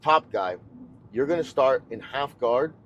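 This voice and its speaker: A man, a jiu-jitsu coach, explaining his ideas in a steady, teacherly way during casual chat in a car. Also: medium pitch, unhurried, muffled recording, slight background noise. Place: inside a car.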